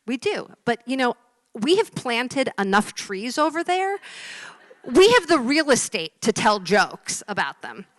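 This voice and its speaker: Woman, stand-up joke teller, lively, voice shifts for characters, hushed asides, dry close sound. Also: a little high, a little slow, no echo. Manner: acts out characters in jokes with voice shifts; lively storyteller, drops to whispers for effect.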